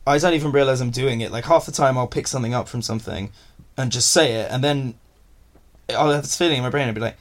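A man's voice: medium pitch, quick pace. A young man chatting casually as a podcast guest, rambling and self-mocking, often laughing. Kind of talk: casual chat.

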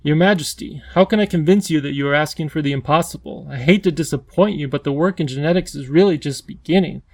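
A man's voice: on the high side, fast, no room sound. A man voicing an earnest, polite professor who sounds courteous and anxious.

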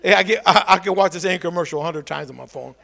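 A man preaching a lively call-and-response sermon, swinging from low asides to shouted calls for a response. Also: quick pace, creaky.

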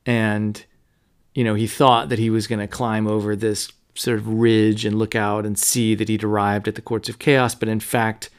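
A man hosting a podcast, talking through a novel in a low-key, conversational way with frequent fillers. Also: level tone, normal speed, clean tone. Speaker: podcast host. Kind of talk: casual book discussion.

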